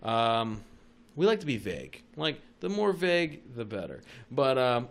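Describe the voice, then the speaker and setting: A man's voice: mid-range voice, a little slow, creaky. A young man hosting a casual podcast, telling wild stories with constant swearing. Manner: profane, animated storytelling. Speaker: podcast host.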